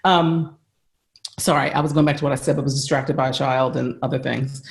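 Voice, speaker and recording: A woman's voice: very deep voice, fairly even intonation, a little fast, vocal fry, reverberant. An American woman, a leadership coach, giving earnest, emphatic answers with examples on a video call. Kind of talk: conversational interview answer.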